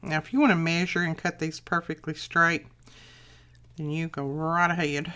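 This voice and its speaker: A woman's voice: sits low, level tone, normal speed, bright, forceful tone, clean tone. An older woman, chatting casually and folksily while she walks through a crafting tutorial, thinking aloud as she works. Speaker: crafting channel host.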